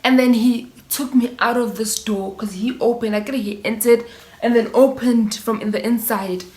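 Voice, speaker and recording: Young South African woman vlogger, casual storytime delivery with Zulu slang mixed in, a touch high-pitched, roomy echo. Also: moderate pace. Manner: animated storytelling with Zulu slang and mimicked voices. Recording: echoey room.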